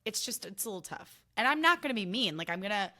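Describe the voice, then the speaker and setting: A young woman hosting her own podcast, chatting casually in an animated, sassy, self-mocking way. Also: medium pitch, fast talker. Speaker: podcast host. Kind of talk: casual solo podcast chat.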